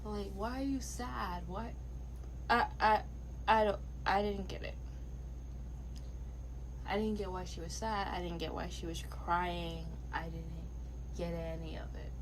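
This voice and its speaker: A young woman talks straight into her phone, recapping in a casual vlog. She is blunt and animated, her voice sitting at an ordinary pitch. A faint ambient hum stays under her words. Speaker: vlogger.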